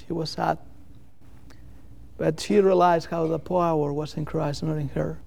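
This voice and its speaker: A man preaching a sermon in an earnest, halting way, repeating phrases for emphasis. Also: on the high side, level tone, vocal fry, a little mellow.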